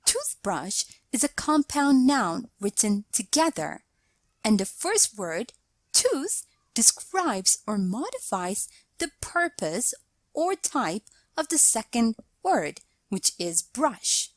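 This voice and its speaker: A woman narrating a scripted grammar lesson, explaining slowly and deliberately and reading out example sentences. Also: on the high side, sing-song, dry recording. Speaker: English teacher.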